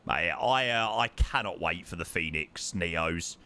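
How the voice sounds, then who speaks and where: Flying a simulator on stream, a young man chats casually with viewers in a deep, bright voice. His pace is a little slow, his tone forceful, and he repeats words to stress them.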